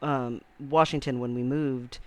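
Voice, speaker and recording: A man vlogging about his own life in a heartfelt, halting way, with lots of restarts and fillers. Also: medium pitch, fairly even intonation. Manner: earnest and heartfelt. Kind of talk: casual personal vlog storytelling.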